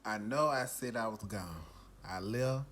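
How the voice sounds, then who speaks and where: A man, drowsy and stuffed after eating, giving a casual food review vlog in a relaxed, drawling, repetitive way. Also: lowish voice, unhurried, a little hiss or hum. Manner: relaxed, drawling, repeats himself, talks to viewers as y'all. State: sleepy and full after eating. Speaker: food vlogger.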